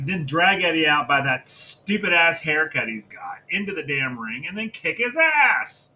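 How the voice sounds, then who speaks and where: A man's voice: on the high side, big pitch swings, moderate pace, hardly any pauses, sharp tone, a little hiss or hum, poor audio. A man co-hosting a wrestling review podcast, ranting heatedly and with lots of profanity about a storyline. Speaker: podcast co-host. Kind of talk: casual wrestling review chat.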